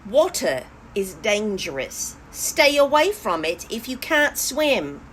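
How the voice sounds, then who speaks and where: Storybook role: a woman doing a cross beaver, scolding and indignant, slow and sing-song. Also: fairly high pitch, very animated, a bit bright, a little hiss or hum, full character voice. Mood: stern. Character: grumpy male beaver, stern homeowner.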